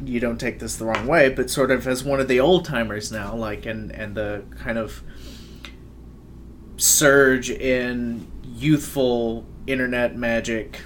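A man interviewing a guest in a casual chat, friendly, with quick short replies. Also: medium pitch, fairly even intonation, fairly bright tone, slight background noise.

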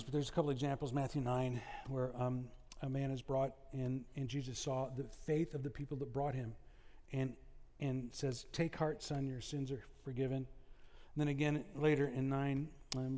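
A man preaching a sermon, conversational and lively, with asides and humor to the congregation. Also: medium pitch, big-room sound. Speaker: pastor.

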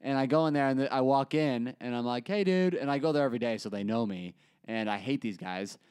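Crude, animated young man telling stories. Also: medium pitch, fast, smooth. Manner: crude, animated storyteller, mimics people he quotes. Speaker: podcast co-host. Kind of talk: casual storytelling chat.

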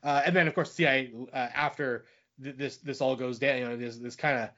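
A man's voice: medium pitch, fairly even intonation, fairly quick, a bit bright, highs cut off, a little hiss or hum. A man co-hosting a podcast, chatting casually about a film in a rambling way, restarting sentences as he goes. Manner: rambling, with frequent restarts and hedging fillers. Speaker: podcast co-host reviewing movies. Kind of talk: casual chat.

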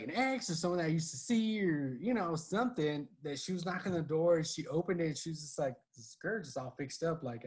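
A man co-hosting a podcast in casual chat, rambling through stories full of "like" and "you know". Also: a little high. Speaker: podcast co-host.

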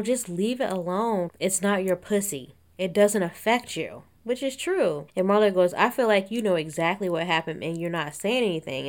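A woman giving a casual, opinionated recap of a reality show, quoting the cast in snippy bits and laughing often. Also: fairly low pitch.

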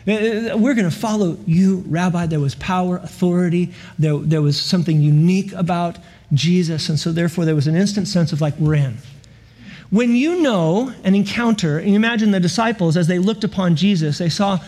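A man's voice: high-pitched, a little mellow. A man preaching a sermon as pastor, telling stories with laughs and repeated stammered words.

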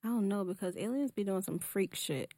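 A woman's voice: medium pitch, fairly quick, dark tone, no room sound, clean studio sound. Offhand woman making random remarks. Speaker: podcast co-host. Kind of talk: casual group chat.

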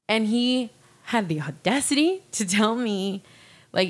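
A woman's voice: mid-range voice, unhurried. A young woman in casual chat, telling a personal story candidly with lots of fillers and restarts. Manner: candid, rambling, fillers and swearing.

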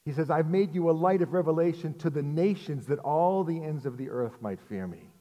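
A man's voice: a little high, animated, brisk, warm tone, muffled recording. Man preaching in a reverberant hall. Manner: conversational, self-deprecating humor with rhetorical asides. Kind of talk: sermon.

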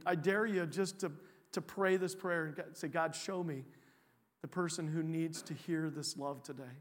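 Male pastor, conversational sermon delivery, lots of "um"s, a touch high-pitched, long church reverb. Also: normal speed. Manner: conversational storytelling with many fillers and restarts.

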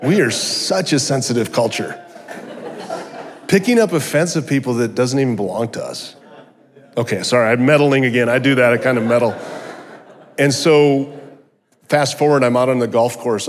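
A middle-aged man giving a personal testimony sermon, telling his story with animated energy and joking asides. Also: mid-range voice, moderate pace. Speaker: guest speaker. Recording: long hall reverb.

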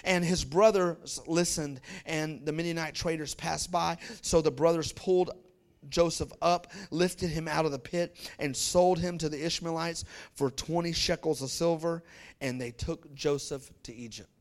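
A man preaching a sermon as pastor, telling a story in a lively colloquial way and calling out to his congregation. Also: a little high. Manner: lively storytelling, acting out characters in quick voices.

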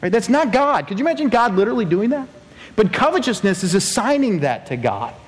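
A man preaching a sermon as pastor, animated and acting out quoted voices with big pitch swings. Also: a little fast, big-room sound.

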